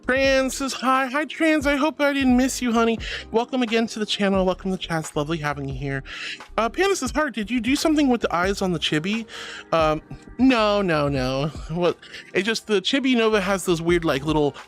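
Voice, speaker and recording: A man's voice: sits high, lively intonation, fairly quick, a bit bright, soft background music. A man streaming and reading out chat messages in a playful, giggly, affectionate way. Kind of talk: casual chat. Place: home streaming setup.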